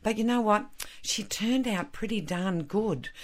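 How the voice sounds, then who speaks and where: A woman in her fifties with an Australian accent, an actress telling lively stories in a radio interview, laughing often. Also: medium pitch, measured pace. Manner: animated, laughs often, acts out quotes. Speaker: actress, guest.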